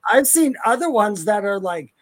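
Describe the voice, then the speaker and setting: A man co-hosting a live chat show about the paranormal, talking casually with hesitant restarts and quick laughs. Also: sits high, big pitch swings. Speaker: co-host.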